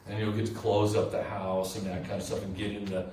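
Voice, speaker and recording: A man's voice: lowish voice, level tone, brisk, mellow. Man sharing at a meeting, echoey room. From southern California. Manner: candid and conversational, many fillers and restarts. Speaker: AA meeting speaker. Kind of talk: personal recovery share. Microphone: room recording from a distance. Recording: echoey room, distant mic, faint noise.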